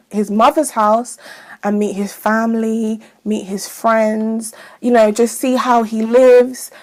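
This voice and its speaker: Woman, slightly high voice, frank, profane, casual advice talk. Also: darkish tone. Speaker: astrology vlogger.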